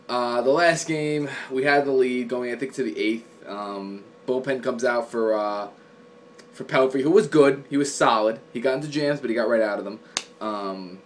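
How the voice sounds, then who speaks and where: A man's voice: medium pitch, slight background noise. A young man recapping a sports series in a casual vlog, opinionated and profane, with lots of ums and restarts. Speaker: sports fan vlogger.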